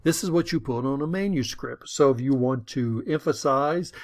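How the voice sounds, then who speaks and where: A man's voice: mid-range voice, moderate pace. A middle-aged man giving a conversational, step-by-step lesson on public speaking. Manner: folksy, conversational, explains step by step. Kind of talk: instructional talk to camera.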